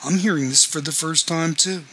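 A man's voice: on the high side, moderate pace, fairly bright tone, a little hiss or hum, voice pushed up. A man reading a novel aloud, voicing a woman housemate who sounds shocked and defensive.

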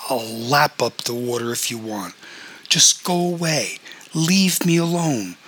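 A man's voice: mid-range voice, measured pace, fairly bright tone, slightly rough. A man voicing a sullen, frustrated twenty-year-old son in a story reading. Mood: bitter.

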